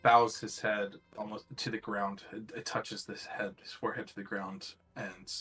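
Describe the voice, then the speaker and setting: Hesitant game master with a bright voice. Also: male voice, on the low side, level tone, normal speed, faint music behind. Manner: hesitant, many fillers. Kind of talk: narrating a tabletop game.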